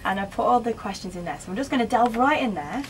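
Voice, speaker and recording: A woman's voice: fairly high pitch, expressive, fast talker, slight background noise. A woman with an English accent presenting local radio from a studio, with chirpy, polished patter.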